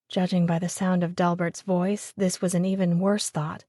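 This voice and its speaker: A woman narrating a romance audiobook in a steady, even storytelling voice. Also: lowish voice, moderate pace, few pauses, no room sound, clean studio sound. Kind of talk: scripted narration.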